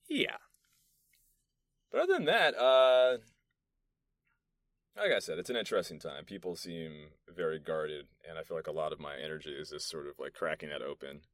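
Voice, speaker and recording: A man's voice: extremely low pitch, very animated, normal speed, pauses often, fairly bright tone, no room sound, studio quality. A young man from New York hosting a solo podcast, rambling and swearing through loose stories full of fillers, recorded in a soundproof meeting room. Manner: rambling, profane, storytelling with many fillers. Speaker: podcast host. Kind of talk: casual solo podcast monologue.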